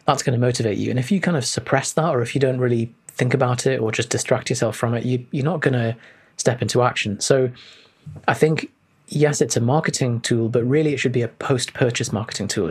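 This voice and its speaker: A man, a fitness coach and podcast co-host, explaining his views thoughtfully in long, halting sentences on a video call. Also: mid-range voice, slightly rough. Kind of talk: casual podcast chat.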